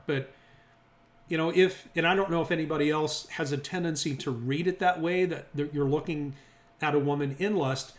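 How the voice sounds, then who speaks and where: Guy teaching bible study, kinda high voice, keeps checking in with the group, echoey room. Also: brisk. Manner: reasoning aloud, checks in with the group often. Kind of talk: interactive Bible lesson.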